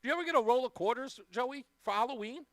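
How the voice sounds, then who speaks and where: A man's voice: extremely high pitch, fast talker, a bit bright, dry recording. A man hosting a live radio talk show, chatting casually and effusively thanking donors. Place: radio studio.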